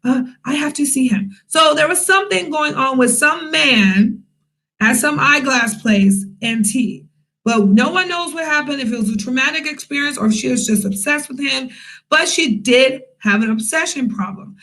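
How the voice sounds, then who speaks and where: A young woman telling a casual storytime vlog, chatty and animated, with many fillers and asides to her viewers. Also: sits high, moderate pace, rough recording. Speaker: vlogger, English teacher in Korea.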